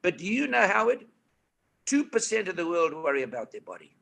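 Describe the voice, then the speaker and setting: A man in his eighties with a South African accent, telling anecdotes as an interview guest in a lively, animated way. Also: high voice, a little fast, creaky. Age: 80s. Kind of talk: storytelling interview. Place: indoor studio couch.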